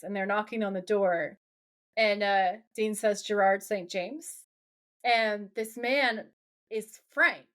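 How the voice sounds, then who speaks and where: A woman co-hosting a podcast, casually recapping a TV episode and acting out its dialogue. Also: mid-range voice. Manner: animated, retells scenes in quoted dialogue. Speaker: podcast co-host.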